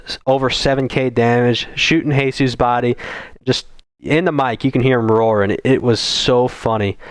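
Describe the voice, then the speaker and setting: A mid-pitched man retells esports match moments on a casual podcast. He is animated and swears freely. His voice sits close on a dry microphone. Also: clear, resonant tone, no room sound. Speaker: esports team co-owner, podcast host.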